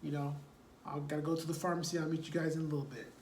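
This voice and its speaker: A man voicing a military policeman flatly announcing that all leave is canceled. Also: a little high, rapid-fire, slight background noise, lightly acted. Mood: brusque. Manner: matter-of-fact, brusque. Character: brisk male military policeman giving orders. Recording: roomy echo, distant mic.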